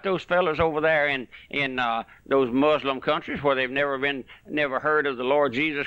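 Impassioned old-time radio preacher, dull lo-fi sound. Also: male voice, mid-range voice, steady tone, moderate pace, few pauses, smooth, no room sound. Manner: impassioned, pleading, swings between loud bursts and hushed asides. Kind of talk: fiery radio sermon.

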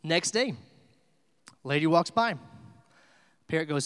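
Higher-voiced preacher in an echoing church. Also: male voice, moderate pace. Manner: conversational, storytelling with many fillers. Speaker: pastor. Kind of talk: sermon.

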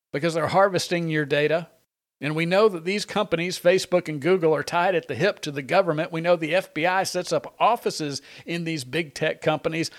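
A man hosting a talk radio show, delivering opinionated political commentary in an animated, sarcastic and emphatic way. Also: a little high.

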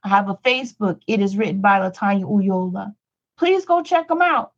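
A woman's voice: medium pitch, expressive, normal speed, dull audio. A woman teaching a Bible study in a pleading preaching style, repeating lines for emphasis. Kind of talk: preaching sermon.

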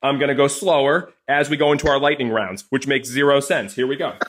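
A man's voice: medium pitch, steady tone, a little fast, fairly bright tone. A man hosting a podcast interview in an upbeat, game-show manner. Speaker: podcast host. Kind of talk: casual interview chat.

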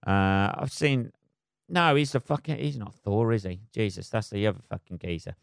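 A man's voice: fairly low pitch, moderate pace, gravelly, dry recording, studio quality. A man hosting a solo comedy podcast, rambling loosely and swearing constantly as he chats.

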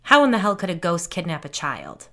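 A woman's voice: fairly low pitch, huge pitch swings, a little fast, bright, forceful tone, full character voice. A woman narrator voicing an irritated father who speaks curtly and insistently. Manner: curt and insistent. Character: irritated, demanding father of a young boy.

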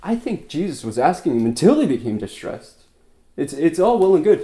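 Mellow-voiced man preaching a conversational sermon. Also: a little high, sing-song, normal speed. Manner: conversational, retells scripture in his own words with fillers; swings from loud emphatic lines to quiet soft-spoken ones. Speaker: pastor.

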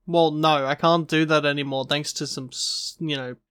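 A man co-hosting a hobby podcast, excitable and profane in playful banter. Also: a little high, normal speed, smooth, no room sound, studio quality. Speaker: podcast co-host.

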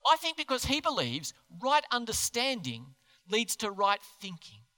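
A man preaching a sermon as pastor in a church, earnest and animated, putting questions to the congregation. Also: very high voice, measured pace. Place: church hall. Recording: long hall reverb.

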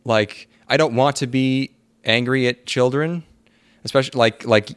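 A young man co-hosting a casual podcast, speaking in halting bursts full of fillers with a wry, deadpan sense of humor. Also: mid-range voice, clear, resonant tone. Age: young adult. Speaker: podcast co-host. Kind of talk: casual chat.

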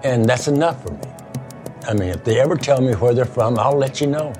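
A man's voice: mid-range voice, animated, fairly quick. An older man telling his own experiences in an earnest, matter-of-fact way, in an interview clip. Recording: played clip with loud music behind.

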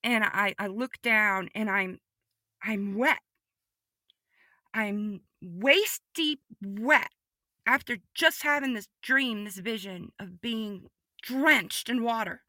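Woman, bright forceful voice, dry close sound, emotional storytelling, repeats herself. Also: medium pitch, takes it slowly, dry recording. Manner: vivid, repetitive retelling, swings between hushed and excited. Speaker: guest giving a testimony.

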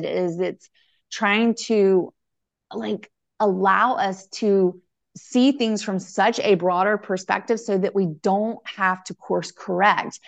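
A woman's voice: mid-range voice, muffled recording. A woman hosting a podcast, chatting casually about spirituality with lots of "um" and "you know" as she rambles through her thoughts. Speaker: podcast host.

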